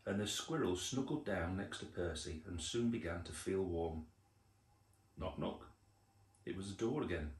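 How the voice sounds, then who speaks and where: An older man reading a picture book aloud to children, unhurried, with chatty asides about the pictures. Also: sits low, expressive. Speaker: storyteller. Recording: roomy echo.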